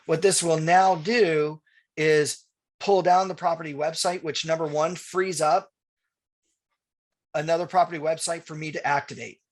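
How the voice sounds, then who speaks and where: A middle-aged man teaching real estate agents, telling a story with quoted dialogue and answering viewer questions. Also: fairly high pitch. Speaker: real estate marketing trainer. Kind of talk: webinar presentation with anecdote and Q&A.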